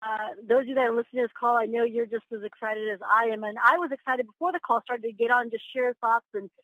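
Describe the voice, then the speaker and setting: A woman, a company co-founder, speaking excitedly on a conference call. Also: on the high side, fast, no echo, phone-quality sound. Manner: excited, upbeat.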